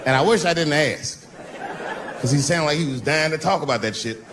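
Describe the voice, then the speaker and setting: A middle-aged man performing stand-up comedy on stage, telling a profane, conversational story and jumping his pitch for voices. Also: a little fast, crowd noise, noisy background. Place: stage before a live audience.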